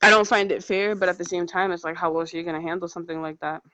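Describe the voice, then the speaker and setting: A woman's voice: lowish voice, flat delivery, very fast, sharp tone, dry recording, dull audio. A woman speaking as a guest in a casual podcast chat, making her points bluntly and with conviction.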